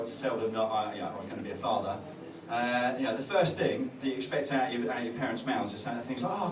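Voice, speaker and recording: This comedian's voice sits in the mid range, with some background noise around it. He stumbles through his stand-up bit on a club stage, using lots of fillers and starting over often. Audience laughter fills the roomy, far-off recording.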